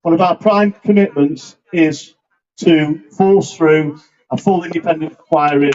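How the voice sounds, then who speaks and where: A local councillor, giving an earnest, plain-spoken and slightly halting speech at an outdoor demonstration. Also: male voice, on the high side, fairly even intonation, darkish tone. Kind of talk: short speech at a rally. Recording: muffled lo-fi outdoor recording.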